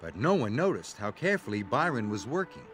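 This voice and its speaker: A man narrating a children's story aloud in a slow, read-aloud manner. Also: medium pitch, big pitch swings, a bit bright, a little hiss or hum. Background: background music.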